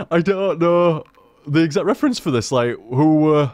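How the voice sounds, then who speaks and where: A man's voice: a little high, expressive, a little slow, darkish tone, no room sound. A man in casual rambling chat as a gaming commentator, chatty, laughing at himself and swearing freely.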